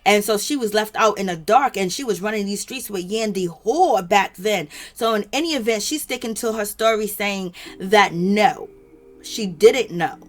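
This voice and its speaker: A woman's voice: mid-range voice, normal speed. A woman casually recapping reality TV drama in a chatty, laughing way, acting out what others said. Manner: chatty, laughing, quotes people in animated voices. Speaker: commentary channel host.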